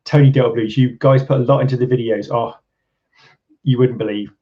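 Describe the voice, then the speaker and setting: A man's voice: mid-range voice, steady tone, a little fast, warm tone, dull audio. A man from England hosting a casual live stream, rambling with lots of ums and restarts and chuckling often. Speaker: channel host. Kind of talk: casual live-stream chat reading viewer comments.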